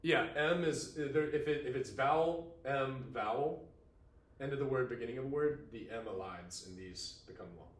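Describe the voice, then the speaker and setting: A man teaching a Latin class, talking to his students in a casual, animated way. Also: mid-range voice, normal speed, roomy sound. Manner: casual and animated, talks to students as "dude" and "y'all". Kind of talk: classroom lecture.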